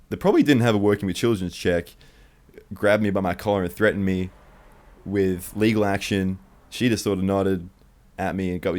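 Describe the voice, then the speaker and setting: A man's voice: deep voice, a little mellow. A young man telling a true childhood story in one take, rambling and profane.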